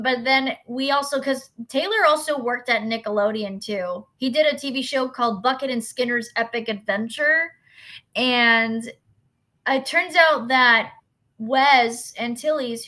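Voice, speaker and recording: A young adult woman, a podcast guest, chatting eagerly and quickly as a fan in a casual talk. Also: a little high, bright, forceful tone.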